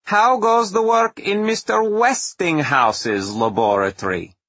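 A man voicing a calm, theatrical tall male inventor with a nasal voice and a grand, formal manner. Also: sits high, a little slow, dry recording, pitched above the performer's own voice, full character voice. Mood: amused. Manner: grand, formal, self-assured.

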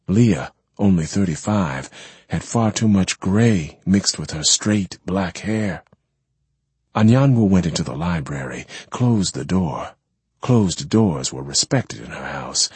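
Deep, husky male audiobook narrator. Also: dry recording.

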